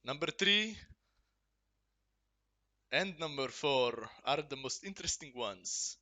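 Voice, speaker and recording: A man's voice: on the high side, lively intonation, slow pace, bright, forceful tone. A young man from Ukraine, talking candidly and profanely to camera in a casual confessional vlog at home. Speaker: gamer.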